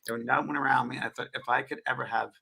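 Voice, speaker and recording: An older man hosting a casual talk show, telling stories in an animated way. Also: medium pitch, gravelly, husky. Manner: storytelling, animated, quick. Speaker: host. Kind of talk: casual conversation.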